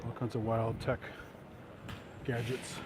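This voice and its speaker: A man with a mid-pitched, ordinary voice rambles through a casual walking narration, stopping and restarting with plenty of ums and uhs. He is recorded outdoors on a handheld camera mic, with clear traffic and street ambience behind him. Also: completely flat delivery, slow pace. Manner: rambling, anecdotal, many fillers. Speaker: vlogger. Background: traffic and city ambience.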